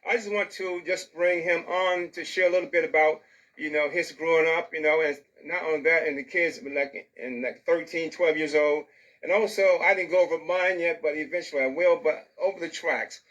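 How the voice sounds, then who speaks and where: A man's voice: on the high side, steady tone, a little fast, fairly bright tone, poor audio. A man, a host and teacher, who talks in affirming, rambling sentences. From rural American South. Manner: affirming, answers with "amen", rambling. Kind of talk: interview hosting.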